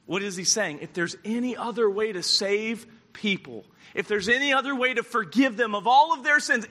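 Bright-voiced man preaching a sermon. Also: high voice, fairly quick, hardly any pauses. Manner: dramatic storytelling, swings from loud to hushed; acts out quoted lines.

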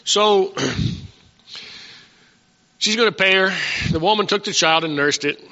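Gravelly preacher in a reverberant hall. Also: male voice, high voice, slow pace, bright, forceful tone, highs cut off. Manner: conversational, asks the congregation questions. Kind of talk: sermon teaching.

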